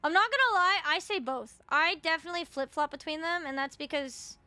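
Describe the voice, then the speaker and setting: A woman's voice: extremely high pitch, animated, a little fast, pushed and bright, no room sound. A young Canadian woman chatting casually with viewers while gaming, full of fillers and swearing. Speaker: streamer. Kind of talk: casual live-stream chat while gaming.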